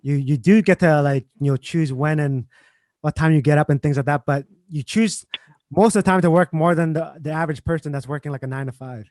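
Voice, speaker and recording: A man hosting a casual interview, talking in a relaxed way with lots of fillers. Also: on the high side, a little fast, no room sound. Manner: relaxed, filler-heavy talk. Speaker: host.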